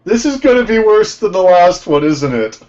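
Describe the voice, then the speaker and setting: A man's voice: high-pitched, sing-song, normal speed, a little mellow, highs cut off. Blunt, exasperated man. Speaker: co-host. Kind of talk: casual comedic riffing.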